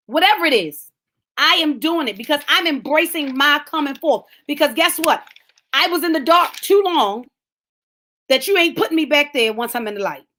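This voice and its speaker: A middle-aged woman with a high, bright voice gives a sermon-style motivational talk at a lunchtime empowerment event. She preaches fervently in casual, colloquial language, calling out listeners by name and rising to shouts. Her intonation is lively and her pace moderate.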